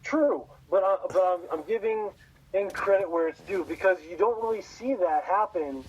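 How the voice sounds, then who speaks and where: A man's voice: high-pitched, normal speed, slight background noise. Mild-mannered man on a lo-fi podcast. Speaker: podcast co-host. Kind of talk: sports podcast talk.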